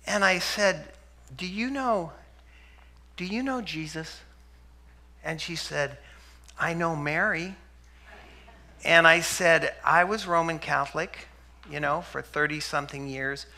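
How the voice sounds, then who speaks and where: A middle-aged man giving a sermon-style testimony, telling stories and acting out the dialogue, dropping to a hush for quoted lines. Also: a little high, gravelly. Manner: storytelling, acts out dialogue, drops to a hush for quotes. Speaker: preacher and health center speaker.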